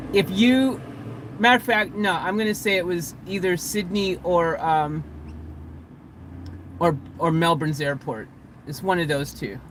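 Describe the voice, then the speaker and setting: Casual van-life vlogger, rambling and self-correcting, chuckles often, mid pitch, light background noise. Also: a bit bright. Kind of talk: casual storytelling to camera. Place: inside a van.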